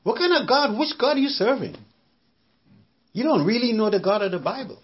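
A man's voice: very high voice, sing-song, a little fast, muffled recording. A man preaching a sermon, emphatic, repeating his phrases and firing off rhetorical questions.

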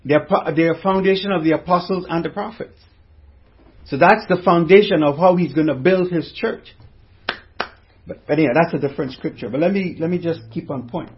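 A man with a high voice preaches a sermon, stopping often to put questions to his listeners. The recording is dull and lo-fi. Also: a little fast. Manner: preaching with rhetorical questions to the congregation. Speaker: pastor.

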